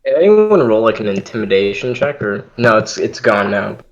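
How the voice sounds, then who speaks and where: A man playing a tabletop game, talking loud and excitable. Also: fairly low pitch, normal speed, lo-fi sound. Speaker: tabletop player. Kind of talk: casual tabletop chat.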